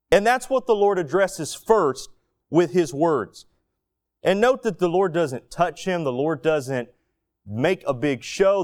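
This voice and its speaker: A man preaching a sermon, retelling a scripture story in an animated way. He acts out the quoted lines and adds everyday asides. His voice sits fairly high and swings widely in pitch.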